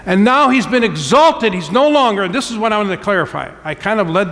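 A man pastor preaching a sermon, emphatic, slowing down to stress key words and calling for amens from the congregation. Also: high voice, animated, fairly bright tone. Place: church sanctuary. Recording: long hall reverb from church sanctuary.

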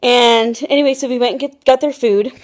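Young woman vlogger, pitched a bit high, chatty and rambling with lots of fillers, recorded on a phone. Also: fairly even intonation, fairly quick. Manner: rambling storytelling full of "like" and restarts. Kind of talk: casual chatty vlog. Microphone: phone camera.

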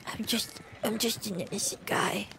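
A man doing a squeaky whining baby. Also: fairly even intonation, normal speed, creaky, background noise. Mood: babyish. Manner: high squeaky baby talk, half whispered. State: strained throat. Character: whiny little baby, innocent and helpless. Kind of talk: gaming livestream commentary.

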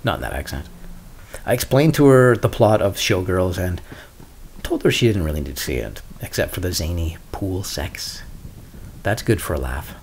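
A middle-aged man hosting a solo podcast, talking in a wry, deadpan way with sarcastic asides. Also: low voice, normal speed, vocal fry, slight background noise. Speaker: podcast host.

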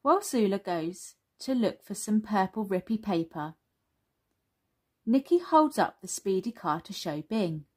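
Woman reading children's stories: gentle, slow, sing-song. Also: medium pitch, animated, husky. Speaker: storyteller.

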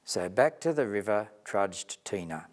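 A man reading a children's story aloud in a gentle, expressive way. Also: lowish voice, measured pace.

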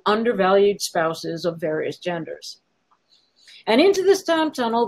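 A woman author reading her own fiction aloud in a wry, sardonic, expressive way. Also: on the high side, poor audio. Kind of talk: dramatic story reading.

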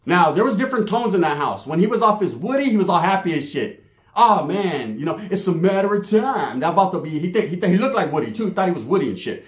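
A man with a high, sing-song voice rattles off a comedic, profane story very fast. He's streetwise and foul-mouthed, acting out the different voices, and the room he's in is echoey.

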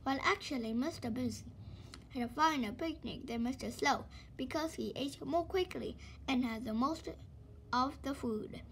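A woman reading a children's book aloud in a lively, expressive way. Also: high voice, normal speed, a little hiss or hum. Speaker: storybook reader.

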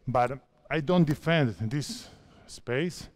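Man, 50s, Spanish accent, basketball coach, halting English, repeats himself, mid-pitched voice. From Spain. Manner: halting non-native English, repeats phrases, directs players. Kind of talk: on-court coaching clinic.

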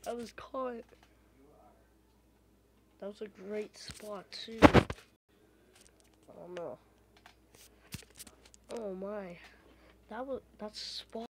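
A woman giving casual gameplay commentary, often frustrated, exclaiming loudly and muttering under her breath. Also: medium pitch, extremely slow, long pauses, heavy background noise. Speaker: gamer.

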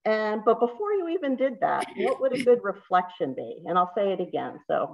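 A woman's voice: medium pitch, sing-song, moderate pace, vocal fry, hardly any pauses, dull audio. Upbeat woman leading an online workshop. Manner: upbeat, asks the group questions, chatty fillers. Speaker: workshop facilitator. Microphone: video call.

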